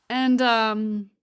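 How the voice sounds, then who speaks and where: A woman's voice: on the high side, smooth, no room sound, studio quality. A young adult woman hosting a podcast, telling a personal story candidly and confessionally, laughing between words. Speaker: podcast host.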